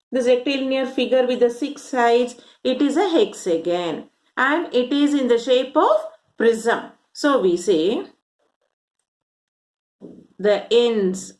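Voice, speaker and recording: Woman, maths teacher, step-by-step explanation, rhetorical questions, animated pitch. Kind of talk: classroom lesson.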